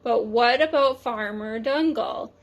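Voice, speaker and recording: A woman's voice: on the high side, measured pace, dull audio. A woman voicing a cautious, worried sheep in a read-aloud storybook, speaking carefully.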